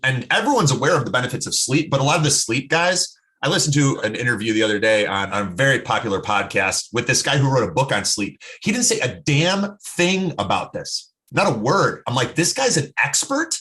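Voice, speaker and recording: A man, a podcast guest talking health, telling stories in an animated, casual way with lots of fillers. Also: mid-range voice, brisk, few pauses. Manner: animated storyteller, many "like" fillers. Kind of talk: casual interview talk.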